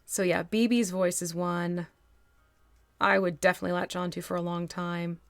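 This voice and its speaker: This woman has a lowish voice with vocal fry, a flat delivery, and normal speed, recorded with no room sound. Speaking in her northwestern New Jersey accent, she laughs a lot and thinks out loud while showing miniature painting to her live stream audience in a chatty, casual way.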